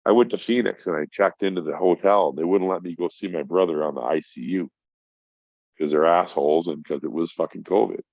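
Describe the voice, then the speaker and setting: A man's voice: low-pitched, brisk, no echo. A middle-aged man, stoned, telling a rambling, profane story in casual chat as a podcast guest. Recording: dull lo-fi sound.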